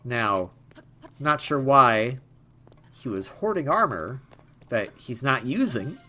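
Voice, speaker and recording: A man's voice: medium pitch, big pitch swings, slow, bright, forceful tone. A young man giving casual, jokey let's-play commentary, rambling and stammering over repeated words. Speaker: gaming YouTuber.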